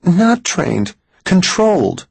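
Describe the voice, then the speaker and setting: A man voicing a frightened psychic woman in an audiobook, his voice pushed much higher and louder than his narration, husky and tense. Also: very animated, slow pace, no room sound, exaggerated voice. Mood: urgent. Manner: pitch jumps high and loud when pleading.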